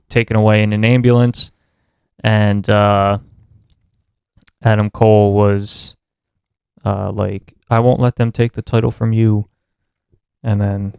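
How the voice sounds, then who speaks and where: A man co-hosting a wrestling podcast in relaxed, rambling casual chat. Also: fairly low pitch, smooth, no echo, clean studio sound. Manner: relaxed, rambling, laughs at his co-host. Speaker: podcast co-host.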